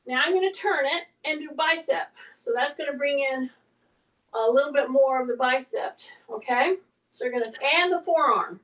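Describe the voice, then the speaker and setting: Woman fitness coach, high and slow, calls breaths and cues, a bit distant from the mic. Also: a bit bright. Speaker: fitness instructor. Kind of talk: workout instruction.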